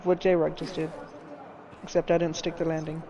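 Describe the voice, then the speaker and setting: A woman's voice: deep voice, level tone, moderate pace, warm tone, dull audio. A woman chatting casually and easily during a gaming podcast.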